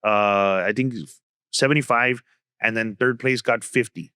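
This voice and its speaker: A young man, a comedian telling a story in a casual, animated way, full of slang. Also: mid-range voice, measured pace, smooth, no room sound, clean studio sound. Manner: animated, code-switching slang. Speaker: comedian guest.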